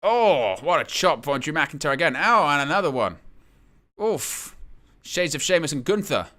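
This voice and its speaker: A man hosting a wrestling watch-along, giving excitable live play-by-play and reading out viewer comments. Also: fairly high pitch, brisk. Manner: excitable, exclaims at big hits, reads chat aloud.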